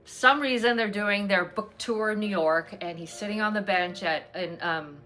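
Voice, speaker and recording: A woman's voice: mid-range voice, moderate pace, bright, forceful tone, faint music behind. A woman hosting a casual chat at home, talking in a rambling, chatty way with many fillers. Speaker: host.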